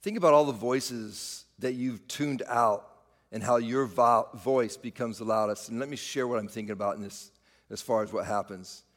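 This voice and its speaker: A pastor preaches a sermon directly to his congregation, letting his voice rise and fall for emphasis. He speaks at medium pitch and normal speed, and the sound carries a big-room quality.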